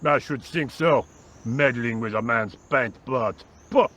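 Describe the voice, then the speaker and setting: A man's voice: mid-range voice, unhurried, fairly bright tone. A man voicing a haughty French street painter with a French accent, huffy and indifferent.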